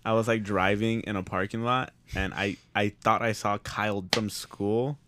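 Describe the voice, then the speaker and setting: A man's voice: lowish voice, moderate pace, noisy background. A young man co-hosting a podcast, telling stories and acting out what people said, with lots of laughing. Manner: lively storyteller, jokey, acts out dialogue. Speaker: podcast co-host. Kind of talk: casual chat.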